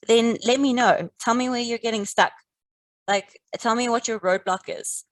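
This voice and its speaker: A woman leads a live maths class, calmly walking her students through each step and urging them not to panic. The sound is dry and close, with no room echo. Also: fairly high pitch, moderate pace. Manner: encouraging, calm, talks students through steps. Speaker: maths teacher. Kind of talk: live online maths lesson.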